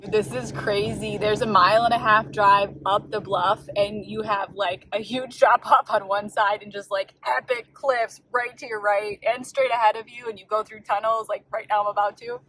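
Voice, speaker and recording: A woman's voice: mid-range voice, fairly even intonation, normal speed, few pauses, pushed and bright, rough recording. A middle-aged woman from the United States, chatting casually as a travel vlogger, laughing often and talking with enthusiasm from her car and outdoor overlooks.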